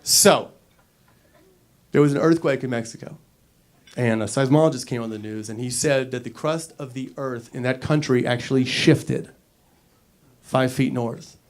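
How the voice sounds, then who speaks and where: A man doing a stand-up comedy set on a club stage into a handheld mic, brash and profane, swinging between loud bursts and mumbled asides. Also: mid-range voice, normal speed, long pauses.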